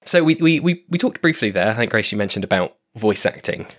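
Deep-voiced hesitant male podcast host. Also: big pitch swings, fairly quick. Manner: hesitant, repeats words while asking. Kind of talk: casual group discussion.

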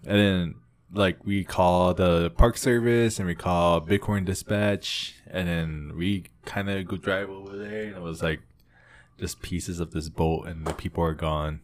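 A young man with a deep, low voice speaks in a casual podcast conversation. He rambles through his account, leaning on "like" and starting sentences over. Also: steady tone, measured pace. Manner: rambling, filled with "like" and restarts. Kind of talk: casual storytelling chat.

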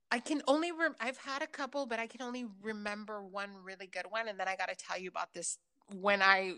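A woman telling personal stories in a loose, casual chat, swearing freely and filling pauses with ums and likes. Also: medium pitch, bright, forceful tone. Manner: filler-heavy, with frequent ums and likes.

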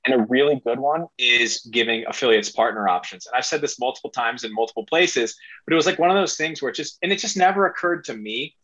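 Middle-aged guy guest rambling excitedly, kinda muffled dry recording. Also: medium pitch, fast, no echo. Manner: excitable, rambling, self-deprecating. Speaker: podcast guest. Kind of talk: casual interview talk.

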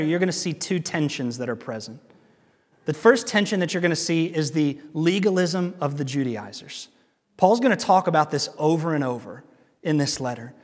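Male pastor, conversational sermon delivery, emphatic repeats, slightly high voice. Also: long reverb tail. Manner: conversational preaching, emphatic repetition.

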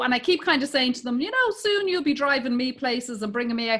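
An Irish woman in her forties, chatting casually and telling profane, lively stories about her kids. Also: high-pitched, a little fast. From Ireland. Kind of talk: casual chat.

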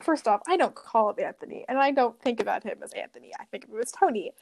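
A woman's voice: a little high, animated, fast. A teenage girl chatting with her friend in a slangy, laugh-filled way. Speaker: guest. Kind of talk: casual chat.

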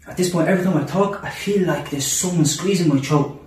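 A man tells a gripping personal story at a rapid clip, circling back on his words and peppering them with Arabic religious phrases. His voice bounces around an echoey room and sits some distance from the mic. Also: a little high, darkish tone. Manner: intense, repetitive, sprinkles Arabic religious phrases. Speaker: guest telling a personal story. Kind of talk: casual podcast storytelling.

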